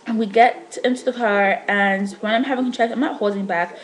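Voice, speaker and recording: A young woman in a casual vlog, telling a personal story in a chatty, animated way with lots of filler words. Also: on the high side, poor audio. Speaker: vlogger.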